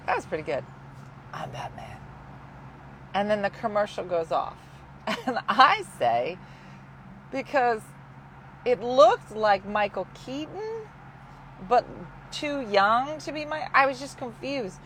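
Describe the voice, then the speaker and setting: A woman hosting a casual chat, telling a story in an animated way and acting out the voices of the people she quotes. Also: fairly high pitch, a little slow, a little hiss or hum.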